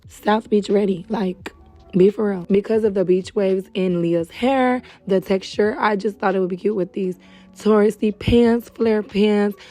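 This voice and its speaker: A young adult woman hosting a casual wig tutorial, chatty and friendly with viewers, a little hoarse and short of breath. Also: mid-range voice, mellow. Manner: chatty, calls viewers girl and baby. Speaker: beauty supply wig stylist host. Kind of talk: casual tutorial talk to camera. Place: indoors at home.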